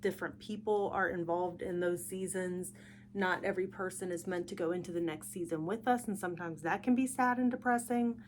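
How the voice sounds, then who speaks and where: A tired young woman talks on her own podcast in a lowish voice. She rambles in a chatty, reflective way. A faint hum sits under her voice. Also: fairly quick. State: tired, yawning. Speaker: podcast host. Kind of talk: casual solo podcast talk.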